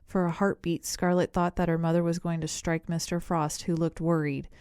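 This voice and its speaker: A woman narrating an audiobook in a measured, even storytelling manner. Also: fairly low pitch, clean tone, no room sound, clean studio sound. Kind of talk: scripted narration.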